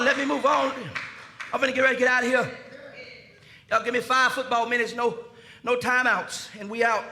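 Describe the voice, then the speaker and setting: A pastor, preaching a sermon in a folksy style, speaking to his congregation and building to shouts. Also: very high-pitched. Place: church sanctuary.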